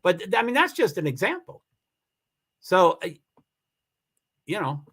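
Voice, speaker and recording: A man's voice: high-pitched, sing-song, a little slow, fairly bright tone. A man hosting a livestream and answering viewer comments, rambling and upset, with many restarts, close to tears. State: emotional, near tears. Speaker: livestream host. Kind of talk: casual livestream chat reading comments. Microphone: computer mic for a live stream.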